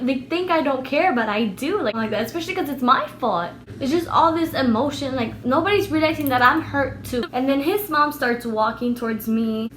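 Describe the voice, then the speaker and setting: A young woman telling a storytime vlog, animated and emphatic, swearing freely. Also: high voice. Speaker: vlogger. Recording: echoey room with faint background noise.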